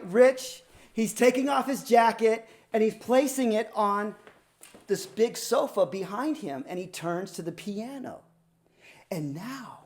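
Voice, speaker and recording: Animated woman telling a personal story. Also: medium pitch. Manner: animated, dramatic, swings between loud and hushed. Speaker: student storyteller.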